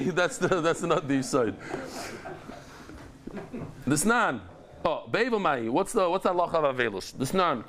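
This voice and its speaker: A middle-aged man teaching a daily Talmud class, animated, telling stories with lively joking asides. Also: fairly high pitch.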